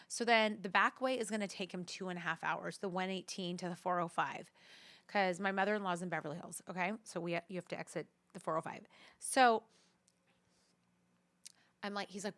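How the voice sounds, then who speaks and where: A woman's voice: medium pitch, fairly bright tone. A woman hosting her own podcast, telling a story in a casual monologue, full of "like" fillers and restarts, talking straight to her listeners. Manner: talks straight to listeners as "you guys". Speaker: podcast host.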